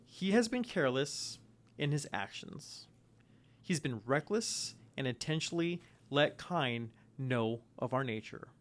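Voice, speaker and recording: A man voicing a stately female vampire prince who speaks in a low, formal, measured way. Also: expressive, lightly acted. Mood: stern.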